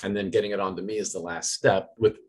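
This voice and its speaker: Middle-aged male actor, husky and lowish, eager chatty interviewee. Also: fairly even intonation, fast talker. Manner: enthusiastic, laughing fan talk. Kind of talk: casual interview answers.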